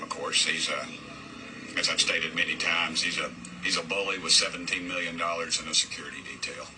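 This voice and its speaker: A congressman answering a reporter's question in a halting way, with many fillers and restarts. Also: low voice, sharp tone, a little hiss or hum, low-quality recording. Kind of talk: interview answer.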